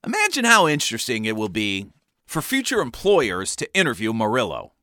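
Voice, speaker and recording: A male comic storyteller with a wry delivery and a bright, forceful tone. His pitch leaps constantly from low asides to high punchlines. The recording is dry and close with no room sound. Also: wildly swooping pitch, a little fast, no room sound. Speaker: podcast host. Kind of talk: comedic storytelling monologue.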